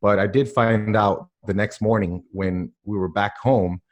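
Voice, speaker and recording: Podcast guest, male, low voice, animated and emphatic storyteller, lots of "like" and "you know". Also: a little slow. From Miami area, US. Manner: animated, emphatic, many filler words. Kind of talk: casual personal storytelling.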